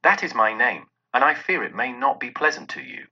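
A man's voice: mid-range voice, lively intonation, a little fast, pushed and bright, slightly rough, dull audio, full character voice. A man reading an audiobook and voicing an elderly male miser who speaks with eager, breathless cheer. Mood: joyful. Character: elderly male miser, giddy with new joy.

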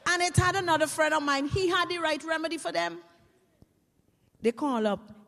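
A Vincentian woman, a teacher, telling comic stories to an audience in a lively, animated way. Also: extremely high pitch, moderate pace, creaky, long pauses, in a large hall. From Saint Vincent and the Grenadines. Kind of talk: comic stage storytelling.

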